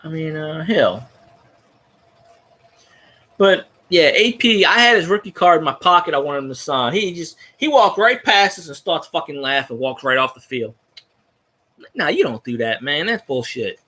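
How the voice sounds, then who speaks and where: A man talks through a casual sports podcast, rambling and cursing like an excited fan. His voice sits high and swoops widely, with a very bright, sharp edge. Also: normal speed. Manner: rambling, profane, animated fan talk. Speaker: podcast host.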